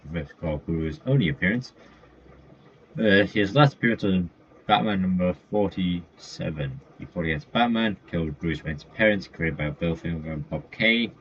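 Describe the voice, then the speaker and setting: Low-voiced rambling man, lo-fi recording. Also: normal speed. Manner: rambling, with frequent fillers and self-corrections. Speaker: commentator. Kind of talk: casual list-style commentary. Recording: dull lo-fi mic with faint noise.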